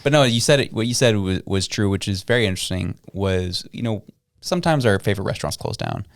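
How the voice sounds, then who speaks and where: A man's voice: lowish voice, big pitch swings, fast, creaky, dry recording. A man co-hosting a casual political podcast, joking and sarcastic with loose slang. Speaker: podcast co-host.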